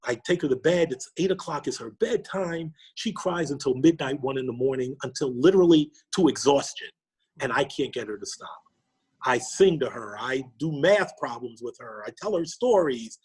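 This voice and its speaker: Man, middle-aged, from New York, husky, animated storyteller. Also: mid-range voice, normal speed. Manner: animated storytelling, acting out quoted dialogue. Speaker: guest. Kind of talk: storytelling interview.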